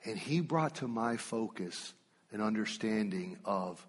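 A man delivers a sermon in an unhurried, storytelling way, leaning on pauses and repeated phrases for emphasis. His voice sits a little low and has a husky edge. The sound carries a long reverb, as if the sermon is heard in a large hall. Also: lively intonation. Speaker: preacher.

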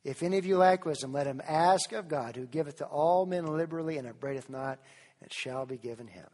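A preacher from Tennessee, delivering an animated sermon that keeps putting questions to the congregation and quotes King James scripture. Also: a little high, fairly quick, big-room sound.

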